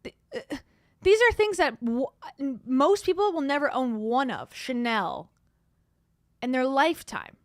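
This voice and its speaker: Woman, gossip commentary host, sarcastic, scoffing, lively swooping pitch, dry close sound. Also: measured pace, dry recording.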